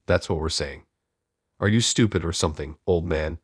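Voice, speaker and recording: A man's voice: low-pitched, moderate pace, breathy edge, no room sound, studio quality. A man reading taunting young thugs. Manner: taunting, insulting. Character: three rude young male thugs.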